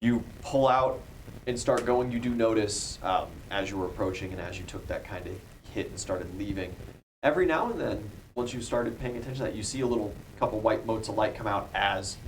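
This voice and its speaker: A man running a tabletop game as game master, narrating scenes in a measured, descriptive way and talking rules casually with his players. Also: fairly low pitch. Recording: distant mic with clear background noise.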